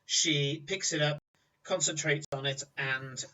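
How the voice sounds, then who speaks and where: Male game master, vivid scene-setter, bright, slightly high voice, distant muffled mic. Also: a little slow. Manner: vivid descriptive storytelling. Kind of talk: narrating a tabletop game.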